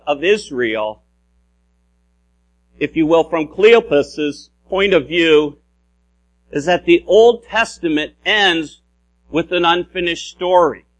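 A man's voice: on the high side, a bit bright. Man preaching with many restarts. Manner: explanatory, repeats "if you will", frequent restarts. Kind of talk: sermon.

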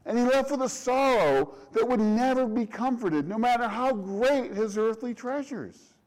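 A man's voice: extremely high pitch, animated, measured pace, darkish tone, rough recording. A middle-aged man, a pastor, delivering a conversational sermon with frequent restarts and rhetorical questions.

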